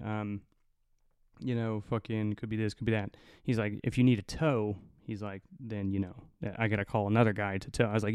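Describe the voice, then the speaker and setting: Low, mellow-voiced man telling a story. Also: clean tone, dry recording, studio quality. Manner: rambling, profane, laughing asides. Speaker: podcast host. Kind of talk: casual storytelling.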